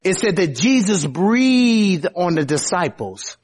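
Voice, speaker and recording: A man's voice: high voice, very animated, slow pace, a little mellow, a little hiss or hum. A man preaching a sermon emphatically and dramatically, full of rhetorical questions.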